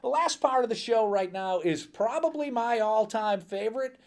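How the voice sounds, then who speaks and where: A male talk show host with a high, gravelly voice. He pitches his business in a cheerful sales style and spells out his contact details slowly and with emphasis. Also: expressive. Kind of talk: casual promotional talk.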